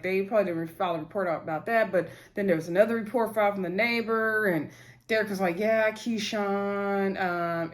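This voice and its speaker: A woman's voice: mid-range voice, fairly bright tone. A woman giving a casual, chatty episode recap to her viewers, acting out the characters' lines as she goes. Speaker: TV episode reviewer.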